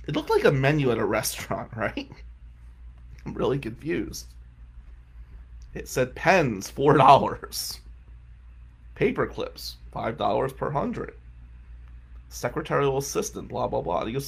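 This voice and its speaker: Gravelly husky guy in his 40s, lawyer, telling funny stories on himself. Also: mid-range voice, normal speed, long pauses. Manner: animated, self-mocking, acts out quotes. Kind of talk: casual comic storytelling.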